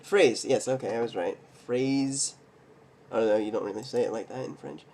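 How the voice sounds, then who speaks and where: A man hosting a card collecting video, slowly reading names off cards, stumbling over some and making little jokes to himself. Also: mid-range voice, creaky, a little mellow, a little hiss or hum. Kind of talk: casual mail day card showcase.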